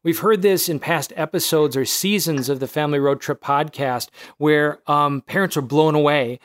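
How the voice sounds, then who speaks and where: A man's voice: a little high, normal speed, no room sound. Earnest man hosting a faith podcast. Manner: earnest, encouraging, fond of long sentences. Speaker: podcast host. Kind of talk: casual faith discussion.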